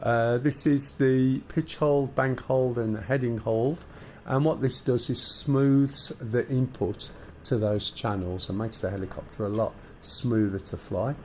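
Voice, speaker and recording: Here a Midlands man speaking Black Country English talks in a mid-range, darkish voice, unhurried and with few pauses, his intonation fairly even. He's a streamer bantering casually with chat while explaining cockpit start-up procedures. Slight background noise is audible.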